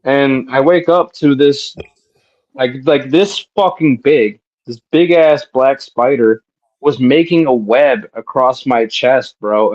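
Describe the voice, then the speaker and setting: A man's voice: medium pitch, darkish tone, highs cut off. A man hosting a podcast, talking in casual, profane slang. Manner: profane, slangy, drawn-out telling. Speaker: podcast host. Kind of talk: casual chat.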